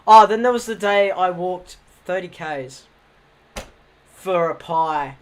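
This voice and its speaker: A man's voice: high-pitched, slow pace, a little hiss or hum. A young man with an Australian accent casually telling rambling stories on a livestream, swearing freely and laughing at himself.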